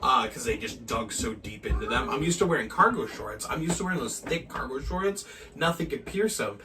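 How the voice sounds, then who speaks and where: A man from Maine, a pro wrestler guest on a podcast, telling profane, animated stories and acting out what people said. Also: medium pitch, a little fast, distant mic, music in the background. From Maine, USA. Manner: animated, profane, acts out quotes. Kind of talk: casual storytelling chat.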